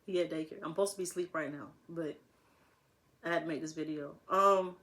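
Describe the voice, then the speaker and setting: A woman's voice: sits low, fairly even intonation, brisk, fairly bright tone. A young woman talking casually to camera as a vlogger, rambling and laughing often.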